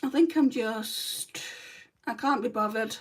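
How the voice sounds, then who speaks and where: A woman's voice: a little high, slow, far from the mic, slight background noise. A woman with a Lancashire accent chatting bluntly to live viewers while she does her makeup. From North West England. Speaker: makeup livestreamer. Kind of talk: casual chat while doing makeup.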